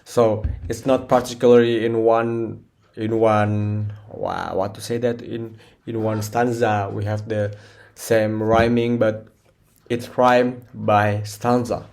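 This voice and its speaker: A man, a non-native English speaker, presenting a poem analysis for class, halting often with fillers and restarts. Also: on the low side, level tone, creaky, darkish tone. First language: Indonesian. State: short of breath.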